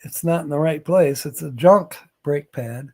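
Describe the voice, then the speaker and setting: Older male streamer, slightly high voice, unhurried rambling chat, chuckles a lot. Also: dark tone. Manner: slow, rambling, chuckles between lines. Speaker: live stream host. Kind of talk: casual live-stream chat with viewers.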